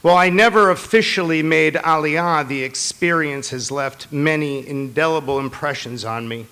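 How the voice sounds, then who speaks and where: A rabbi giving a holiday sermon to his congregation, mixing personal stories and gentle humor with earnest appeals. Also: on the high side, moderate pace.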